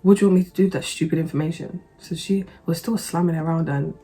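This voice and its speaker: Low-voiced, sarcastic woman. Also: fast talker, slightly rough, faint music behind. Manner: blunt, sarcastic and expressive. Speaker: vlogger. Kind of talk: animated storytime monologue.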